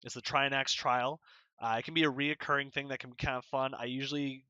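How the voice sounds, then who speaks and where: A young man in a dungeon master role gives casual advice, rambling and filling gaps with loose asides. His voice is bright and forward, with a middle pitch. The recording is dry, with little room sound. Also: flat delivery, fairly quick, clear, resonant tone, no room sound, muffled recording. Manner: rambling, loose, full of fillers.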